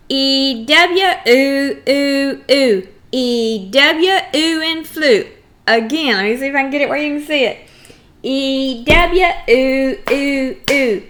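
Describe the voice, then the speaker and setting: Bright slow-talking woman teacher. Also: high voice. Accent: Texan. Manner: slow, clearly sounded-out drills. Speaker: first grade teacher. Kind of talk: phonics lesson to young children.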